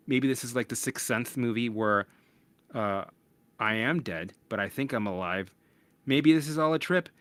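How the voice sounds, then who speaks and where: A man's voice: mid-range voice, moderate pace, a bit bright, no room sound. A man hosting a podcast, telling his own story frankly, swearing often, acting out his past thoughts and tossing in "right?" asides. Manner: restless, with frequent restarts and "right?" asides. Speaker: podcast host. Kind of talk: candid personal storytelling.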